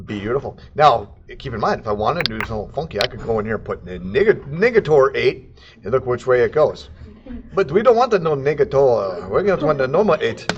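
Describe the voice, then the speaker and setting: A man giving a casual, jokey software tutorial, throwing in sound effects and silly asides. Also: medium pitch, big pitch swings, a little fast, highs cut off. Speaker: CAD instructor. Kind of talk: casual screen-recorded tutorial.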